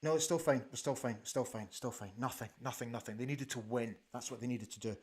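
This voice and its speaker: A man hosting a live football watch-along show from a studio, excitable and exclaiming, often repeating himself as he reacts to the match. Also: medium pitch, fairly quick. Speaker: host.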